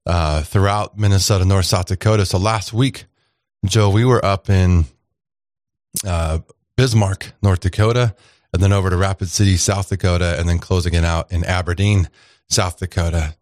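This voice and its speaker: A man's voice: low-pitched, steady tone, moderate pace, a little mellow, no echo, clean studio sound. A man hosting a casual radio talk show, chatty and rambling with plenty of fillers and restarts.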